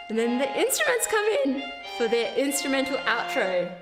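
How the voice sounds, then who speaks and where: A woman's voice: high voice, wildly swooping pitch, moderate pace. A woman leading an online choir tutorial, chatty and upbeat, laughing at herself as she walks singers through vocal exercises. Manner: chatty, upbeat, self-deprecating. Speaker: choir leader. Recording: roomy with loud backing music.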